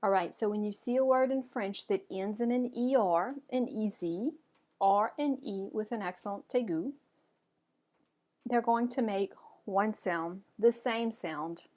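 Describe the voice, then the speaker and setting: A woman teaching French pronunciation, modelling words clearly and encouraging learners to repeat after her. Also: mid-range voice, unhurried, darkish tone. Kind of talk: pronunciation lesson.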